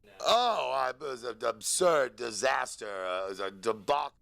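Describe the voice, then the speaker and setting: A man's voice: medium pitch, very animated, moderate pace, gravelly. A man playing a crude alien warlord rock frontman, giving a profane, sneering interview. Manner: profane, sneering, builds into shouted tirades. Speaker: band singer interviewed. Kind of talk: in-character interview rant.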